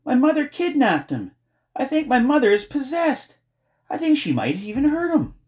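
A man's voice: mid-range voice, big pitch swings, moderate pace, pitched above the performer's own voice, close to an everyday voice. A man voicing a desperate, determined young girl who talks urgently and insistently in an audiobook. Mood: frantic. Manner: urgent, insistent, often shouting. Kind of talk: audiobook character voice.

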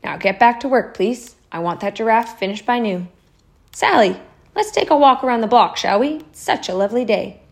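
A woman reading a storybook aloud, voicing a kind, earnest shopkeeper father who speaks gently. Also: a little high, lively intonation, moderate pace, vocal fry. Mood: brisk. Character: kind, proud middle-aged shopkeeper father. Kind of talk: storybook narration.

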